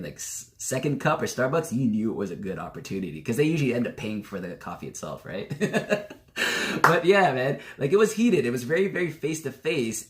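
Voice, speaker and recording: Guy in his 30s vlogging to camera, pitch bouncing all over, acts out arguments. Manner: animated storytelling, acts out heated arguments. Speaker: network marketing vlogger. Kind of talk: casual talk to camera.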